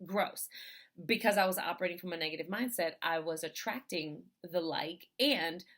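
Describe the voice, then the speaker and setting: Woman giving an animated mindset talk. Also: lowish voice, moderate pace. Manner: animated storytelling, acts out quoted voices. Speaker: mindset coach. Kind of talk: casual motivational talk.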